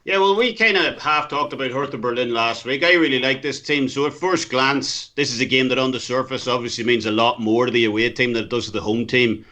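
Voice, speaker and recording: Northern irish fella breaking down footy bets, easygoing, bright punchy voice. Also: male voice, mid-range voice, fairly quick, few pauses. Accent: Northern Irish, County Fermanagh. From Northern Ireland. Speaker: sports betting analyst. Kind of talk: casual chat and match analysis.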